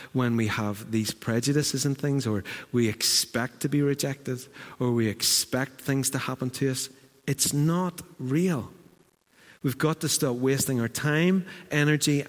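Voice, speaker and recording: Northern Irish male pastor, conversational sermon delivery, fairly high voice, long reverb of a hall. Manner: conversational preaching with lively storytelling asides. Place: church hall.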